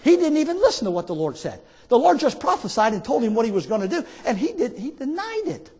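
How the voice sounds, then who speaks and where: High-voiced fervent preacher. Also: male voice, big pitch swings, fast talker, darkish tone, breathy edge. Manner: fervent preaching with rising, pleading exhortations. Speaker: pastor. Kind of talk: sermon.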